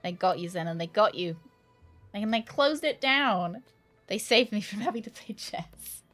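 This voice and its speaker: A woman streamer thinks aloud through a puzzle game at a middling pitch. She trips over her words and swears offhand. Soft game music plays behind her. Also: lively intonation, a little slow. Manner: thinks aloud, repeats herself, swears casually. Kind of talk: casual live-stream commentary.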